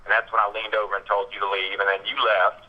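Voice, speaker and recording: A man with a Southern US accent, hosting a talk radio show and telling a story in an animated way, repeating words and acting out what people said. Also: fairly low pitch, quick pace. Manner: animated, repeats words, acts out quotes in raised voice. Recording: dull lo-fi radio sound.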